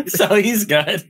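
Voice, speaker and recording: This podcast co-host talks at a middling pitch in a relaxed, casual way. He teases his partner with dry quips and laughs often. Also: breathy edge.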